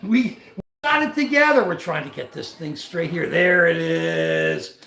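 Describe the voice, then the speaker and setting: A man's voice: a little slow, gravelly, reverberant. An American man hosting a casual livestream, rambling and laughing as he talks. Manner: animated, rambling, laughing, mimics friends in high voices. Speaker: livestream host.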